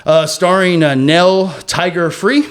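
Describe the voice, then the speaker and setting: A man's voice: sits high, steady tone, slow, clean tone. A man hosting a casual movie discussion podcast, joking and theatrical as he leads it. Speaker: podcast host.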